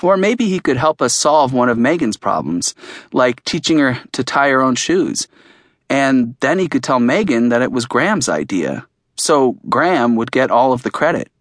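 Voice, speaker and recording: A man narrates an audiobook in the first person. His voice sits at a middle pitch, and he tells the story plainly and earnestly. The recording is close and dry. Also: sing-song, moderate pace, no echo.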